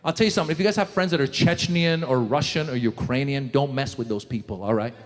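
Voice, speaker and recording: A male stand-up comedian doing a live set, mocking and quick, talking straight to the crowd on a handheld mic. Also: medium pitch, long reverb tail. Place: live comedy stage before an audience.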